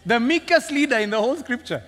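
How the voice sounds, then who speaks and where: Animated Kenyan pastor in a reverberant hall. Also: male voice, very high voice, fast talker. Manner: animated and humorous, acting out characters, laughing often. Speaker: senior pastor. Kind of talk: sermon.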